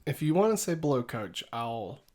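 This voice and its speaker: A woman's voice: extremely low pitch, big pitch swings, normal speed, darkish tone. A woman co-hosting a podcast in casual chat, laughing often as she talks. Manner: giggly, laughs often while talking. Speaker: podcast co-host.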